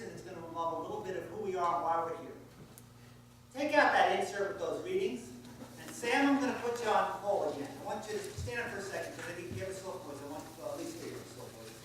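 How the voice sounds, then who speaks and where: A man's voice: sits high, background noise. A male pastor giving an informal, conversational sermon, quizzing his congregation as he goes. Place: church sanctuary. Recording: echoey church from far off.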